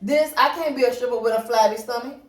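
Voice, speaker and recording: A woman's voice: a little high, reverberant. A woman vlogging as a single mother, talking straight to her viewers, near tears, often repeating and restarting her words. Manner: halting, repeats words, talks to viewers directly. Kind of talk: emotional personal vlog. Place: home room.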